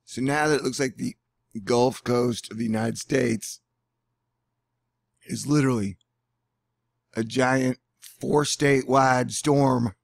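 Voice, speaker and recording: Brief: male vlogger, gravelly, dry close sound, sarcastic and rambling. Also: mid-range voice, fairly even intonation, slow, pauses often, dry recording. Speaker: weather vlogger. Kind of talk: casual vlog commentary. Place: indoors at home.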